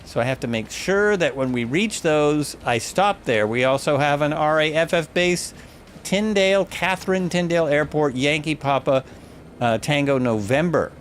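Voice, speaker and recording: A man's voice: on the high side, normal speed, a little hiss or hum. A man streaming a flight simulator, chatting casually and thinking aloud, often stopping to correct himself. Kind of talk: casual live gameplay commentary.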